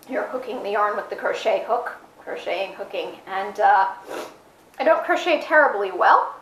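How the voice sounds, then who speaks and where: A fairly high-voiced woman chats straight to her camera at home, rambling along and poking fun at herself. The room gives her voice a noticeable echo. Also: a bit bright. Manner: chatty, self-mocking, rambling. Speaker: vlogger. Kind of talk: casual chat to camera. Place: indoors at home, with her dog nearby. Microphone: camera mic, fisheye action camera.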